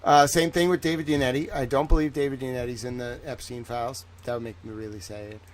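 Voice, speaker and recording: A man's voice: medium pitch, steady tone, fast talker. A man giving rambling, reactive commentary on a livestream, swearing freely.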